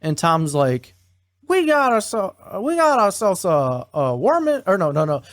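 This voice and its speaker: A man co-hosting a podcast, casually recapping a story and quoting its characters in a flat, offhand way, swearing now and then. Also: fairly high pitch, normal speed, no echo. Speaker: podcast co-host.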